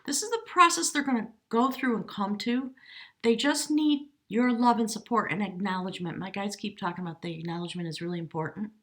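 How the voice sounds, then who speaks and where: A woman giving a spontaneous tarot reading, speaking gently and emotionally, now and then addressing her spirit guides. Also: medium pitch, brisk. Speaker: tarot reader.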